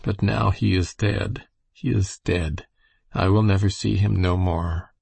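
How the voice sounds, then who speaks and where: A man's voice: low-pitched, steady tone, measured pace, creaky, a little mellow, breathy edge, dry recording, exaggerated voice. A man voicing an earnest, grieving young backwoods lad with a plain, simple rural turn of phrase.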